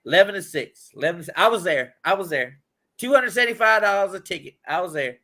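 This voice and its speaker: Cussing host guy, bright voice, kinda high, rambling stories, sports talk. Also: lively intonation, quick pace. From Indianapolis. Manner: profane, rambling storyteller. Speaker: podcast host. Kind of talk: casual sports chat.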